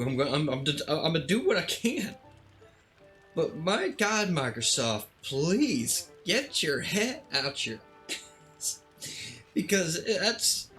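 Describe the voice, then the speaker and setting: A man's voice: fairly low pitch, a bit bright. A man streaming and ranting casually, exasperated and dramatic, restarting his sentences often.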